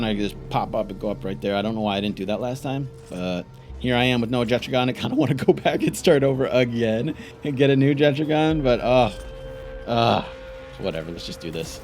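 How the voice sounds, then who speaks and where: A man giving frantic live gameplay commentary, exclaiming and frustrated, later calmly narrating. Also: medium pitch. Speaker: gaming YouTuber.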